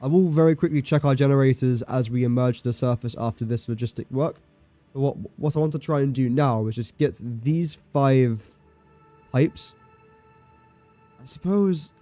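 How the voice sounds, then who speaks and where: Faint music sits behind a man with a warm, mid-range voice talking at normal speed. Streaming a building game, he chats casually, thinking aloud as he counts, does sums quietly and teases himself.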